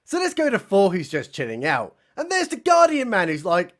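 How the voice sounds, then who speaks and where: A man's voice: high-pitched, wildly swooping pitch, normal speed, fairly bright tone. A man recapping a film in a sarcastic, mocking comedy style. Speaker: film reviewer.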